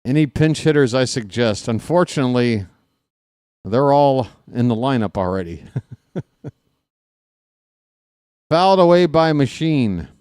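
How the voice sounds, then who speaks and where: A man's voice: mid-range voice, lively intonation, measured pace, long pauses, a little mellow, clear, resonant tone, dry recording, clean studio sound. A man doing live fan play-by-play of a baseball game, chatty and joking, openly rooting for his team.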